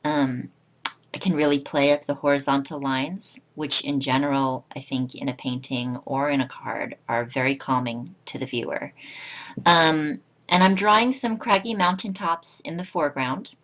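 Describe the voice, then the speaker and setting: A woman's voice: low voice, steady tone, moderate pace, lo-fi sound. A woman hosting a card-making tutorial, talking in a reflective, casual way with frequent ums. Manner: reflective, many ums, soft-spoken.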